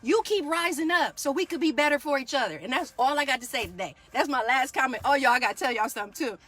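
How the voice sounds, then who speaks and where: Woman, 40s, yoga teacher, bright preachy motivational energy. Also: high-pitched, expressive, fast. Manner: fired-up, preachy, keeps asking "do y'all hear me". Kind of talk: motivational live talk.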